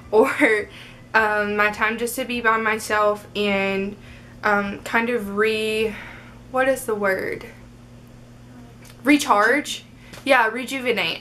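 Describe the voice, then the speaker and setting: A woman's voice: mid-range voice, pushed and bright, slight background noise. A young adult woman chatting casually in a get-to-know-me Q&A video, upbeat and full of fillers like "um" and "like". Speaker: vlogger.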